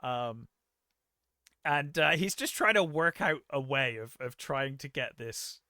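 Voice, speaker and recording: A man co-hosting a film podcast, retelling scenes in a casual, animated way, swearing freely and laughing often. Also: mid-range voice, takes it slowly, dry recording, studio quality. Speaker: podcast co-host. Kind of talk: casual film review chat.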